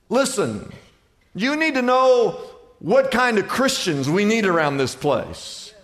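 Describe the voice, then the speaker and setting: High-voiced older man preaching. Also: fairly bright tone, in a large hall. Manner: emphatic preaching with repeated rhetorical questions. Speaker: pastor. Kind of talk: sermon.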